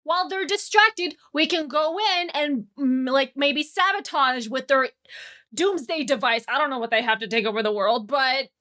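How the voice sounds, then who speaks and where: Bright, high-voiced woman player. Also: normal speed. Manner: eager, full of questions. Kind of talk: casual chat.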